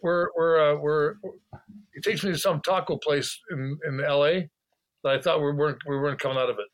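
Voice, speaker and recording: Older man, halting storyteller. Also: fairly high pitch, steady tone, poor audio. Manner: halting, repeats words, laughs while telling stories. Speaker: podcast guest. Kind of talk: casual interview chat.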